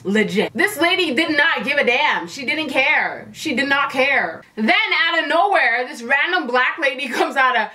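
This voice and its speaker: A woman vlogger telling a work story in a casual, animated, emphatic way, often repeating phrases for effect. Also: high-pitched, moderate pace, few pauses.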